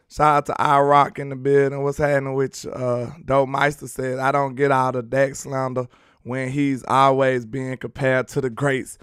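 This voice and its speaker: A man's voice: medium pitch, fairly bright tone, clean tone, no echo, clean studio sound. A man hosting a casual sports livestream, reading chat comments aloud with laid-back slangy banter and frequent laughs. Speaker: sports talk livestream host.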